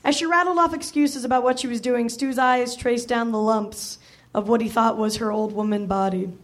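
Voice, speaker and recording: A woman's voice: fairly high pitch, steady tone, moderate pace. A woman reading comic fiction aloud on stage, with self-aware asides. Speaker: comedy reader. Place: live comedy theater.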